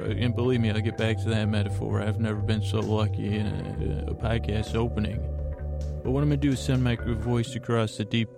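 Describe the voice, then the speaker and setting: A man's voice: on the low side, gravelly. A man hosting a bedtime podcast, talking in a meandering, self-interrupting way with wry asides. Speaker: podcast host. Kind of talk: rambling bedtime podcast monologue.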